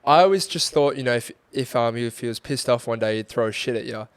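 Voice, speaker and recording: A man's voice: mid-range voice, a little fast, clear, resonant tone, no room sound. Easygoing young man, dry sound. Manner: easygoing, joking, swears casually. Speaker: podcast co-host. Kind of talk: casual chat.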